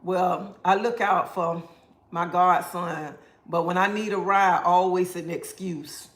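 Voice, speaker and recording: A man's voice: high voice, steady tone, takes it slowly, fairly bright tone. A man hosting a casual livestream, answering viewer comments and giving preachy life advice. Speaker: livestream host. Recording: roomy echo.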